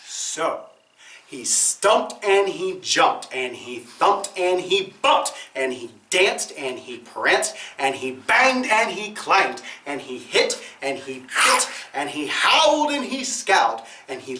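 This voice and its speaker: A man narrating a children's story in a playful, animated read-aloud style, adding rhythm and sound effects. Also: a little high. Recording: roomy echo from a distant mic.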